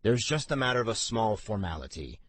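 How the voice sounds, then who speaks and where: A man doing a low, soft-spoken old courtier. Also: sing-song. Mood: soothing. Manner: formal, measured, gently reassuring.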